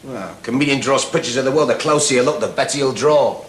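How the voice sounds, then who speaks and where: An actor playing a jokey male student in a comedy class, quick and chummy. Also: mid-range voice, echoey room, a little hiss or hum, close to an everyday voice. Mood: relieved. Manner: quick, chummy, nervous laughing. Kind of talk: 1970s television drama acting.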